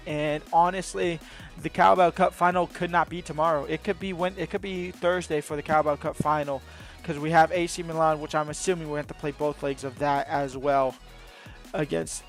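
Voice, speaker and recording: Excitable man commenting on a game. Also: fairly high pitch. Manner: excitable, thinking aloud, quick asides. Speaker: gaming YouTuber.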